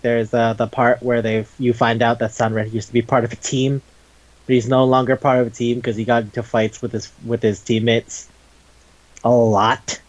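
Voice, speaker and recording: A man podcast host reviews a show in loose, rambling chat, often stopping to restart a sentence. His voice is mid-pitched and sits close to the mic. The recording is dull and dry. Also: no room sound. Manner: rambling, laughing, retells scenes.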